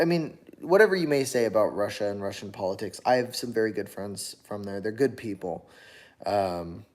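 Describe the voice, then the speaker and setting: A man's voice: lowish voice, a little mellow. A tired man talking on his own channel in a casual, rambling monologue, full of fillers and restarts. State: tired after a long workday. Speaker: channel host.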